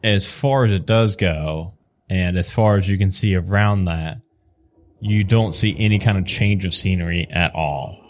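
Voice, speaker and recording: A man's voice: low-pitched, measured pace. A young man narrating a tabletop game as game master, in a loose, rambling, casual way.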